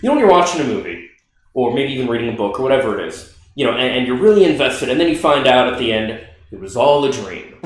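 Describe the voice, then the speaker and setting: A young man co-hosting a podcast, telling a story in casual chat with lots of swearing and animated excitement. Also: medium pitch, quick pace. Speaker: podcast co-host. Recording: echoey room.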